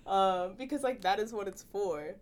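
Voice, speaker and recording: A young woman chatting casually, animated and full of laughs, with filler-heavy speech. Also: medium pitch, moderate pace. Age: young adult. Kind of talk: casual podcast chat.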